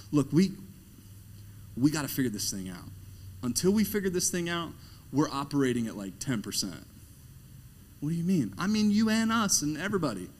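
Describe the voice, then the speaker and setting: Preaching a sermon in a conversational, emphatic style, the pastor swings from hushed moments to loud, animated ones and asks the congregation rhetorical questions. His voice is medium in pitch.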